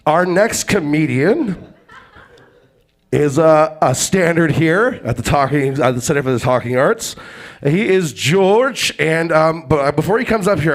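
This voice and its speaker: A man emcees an open mic comedy night. His voice is a touch high and moves around a lot. He brings on the next act with teasing banter. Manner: playful, teasing introductions.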